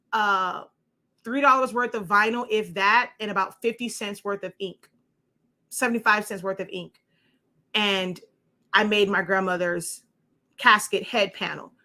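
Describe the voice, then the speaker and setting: Bright-voiced chatty woman demonstrating crafts. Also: mid-range voice. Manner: chatty, rambling with restarts. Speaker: crafting show host. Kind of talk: casual demonstration walkthrough.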